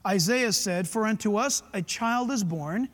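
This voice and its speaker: A middle-aged man preaching a sermon as pastor, emphatic, with quick asides to the congregation. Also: sits high. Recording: long hall reverb.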